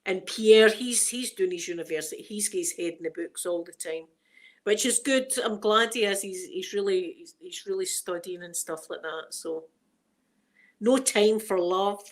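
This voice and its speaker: Speaking at a normal pace in a medium-pitched voice, a Scottish woman in middle age runs a relaxed ASMR livestream chat. She often laughs and calls out viewers by name.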